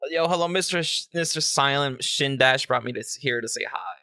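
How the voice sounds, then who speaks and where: A man's voice: mid-range voice, brisk, sharp tone, dry recording. A man chatting casually on a livestream as he presents a remix. He is playful, laughs a lot, swears freely, and breaks into joking meows. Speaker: music producer presenting a remix to a live chat.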